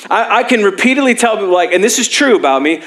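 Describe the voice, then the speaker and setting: A young male pastor with a fairly high voice, preaching from a church stage. He tells personal stories with self-deprecating humor, laughing often as he goes. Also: lively intonation, quick pace, fairly bright tone. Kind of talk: sermon.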